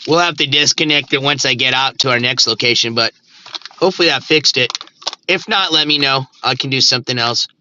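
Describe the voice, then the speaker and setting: A man's voice: medium pitch, brisk, bright, forceful tone. Rambling man streaming from his car. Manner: rambling, talks to himself and chat, playful nonsense words. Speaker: live streamer. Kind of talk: casual live-stream chatter while driving. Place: inside a car. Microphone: Bluetooth mic. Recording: dull lo-fi stream audio with road noise.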